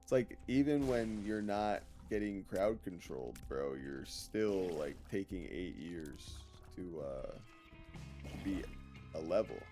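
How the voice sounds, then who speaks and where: A man with a lowish voice streams a game and talks to his chat in a loose, rambling way. He jokes as he plays. Faint music sits under his talk. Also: expressive, slow. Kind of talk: casual gameplay commentary.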